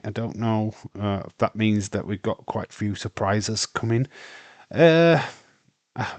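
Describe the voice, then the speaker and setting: Rambling British man, low voice. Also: no echo. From United Kingdom. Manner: rambling and blunt, with mild swearing and many fillers. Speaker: watch-along streamer. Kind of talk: casual live commentary.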